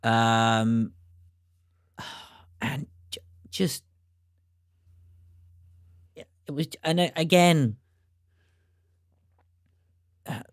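An Englishman with an English accent who talks slowly and unhurriedly in casual podcast chat. He is blunt and dryly teasing, and swears casually. The sound is dry and close. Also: medium pitch, no echo. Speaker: podcast co-host.

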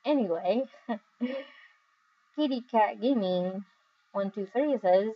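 A tired young woman reading viewer comments in a casual, rambling chat, giggling often and filling pauses with "um" and "like". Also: medium pitch, breathy edge, dull audio. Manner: giggly, rambling, with many fillers. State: overly tired. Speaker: video creator reading comments.

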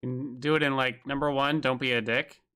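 A man's voice: mid-range voice, fairly even intonation, moderate pace, bright, forceful tone, smooth. A man streaming a video game, chatting casually and rambling with jokes to his chat as he plays. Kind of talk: casual gameplay commentary.

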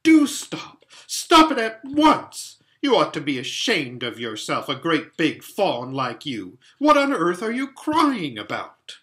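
A man's voice: high-pitched, huge pitch swings, normal speed, fairly bright tone, pitched above the performer's own voice, full character voice. A man voicing a kind, earnest young girl in a storybook reading, pleading and anxious. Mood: distressed.

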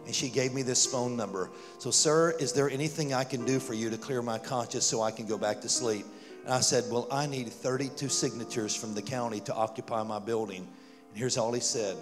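A male pastor telling a story in a sermon, animated and rising to loud fervor. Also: medium pitch, moderate pace. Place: church sanctuary. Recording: church hall reverb with music.

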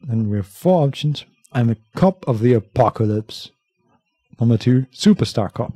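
A man's voice: medium pitch, animated, moderate pace, mellow, breathy edge, dry recording. A man casually reading out game dialogue and options aloud during a gameplay session, laughing often. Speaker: let's play host reading game text.

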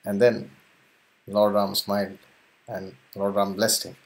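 A man's voice: lowish voice, slow, creaky. A man teaching a spiritual lesson by retelling a scripture story, chuckling often as he goes. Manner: chuckles often, animated retelling with acted quotes.

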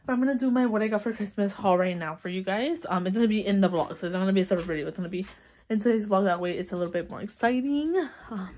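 A young woman talks brightly to a camera propped up at home, showing off gifts in an easy, chatty way. Her pitch sits mid-range and she gushes in quick little squeals at cute things. A faint hiss sits under the recording. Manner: chatty, upbeat, with fillers and little squeals of delight. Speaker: vlogger. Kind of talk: casual haul vlog chat. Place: home, indoors. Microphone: camera on a stand.

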